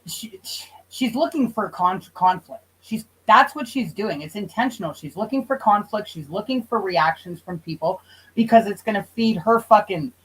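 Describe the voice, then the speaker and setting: A woman's voice: medium pitch, lively intonation, moderate pace, breathy edge, poor audio. A woman co-hosting a casual live chat, joking and teasing in playful banter. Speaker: livestream co-host.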